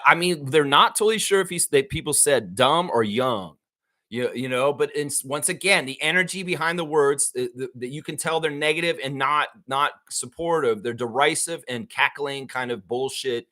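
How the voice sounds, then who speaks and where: A man with a Southern US accent hosting a live-stream, ranting in a heated, profane, animated way. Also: medium pitch, moderate pace. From American South. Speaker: show host. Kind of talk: casual live-stream commentary.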